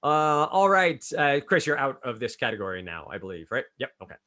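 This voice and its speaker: A man hosting a trivia game, reading clues briskly and calling on players by name. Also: mid-range voice, sing-song, bright, forceful tone. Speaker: trivia quizmaster.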